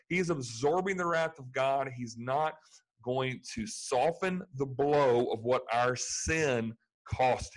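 A man's voice: a little high, rough recording. Earnest male preacher. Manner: earnest, building to emphatic peaks. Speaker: pastor. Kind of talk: sermon.

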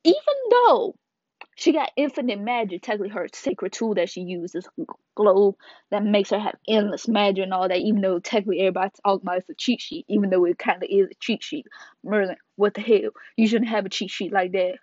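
A woman's voice: medium pitch, darkish tone. Woman vlogger, casual slangy manga recap; lo-fi sound, no room echo. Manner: slangy and playful, retells scenes with quick asides. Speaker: manga reviewer. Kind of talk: casual video review. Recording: dull lo-fi dry sound.

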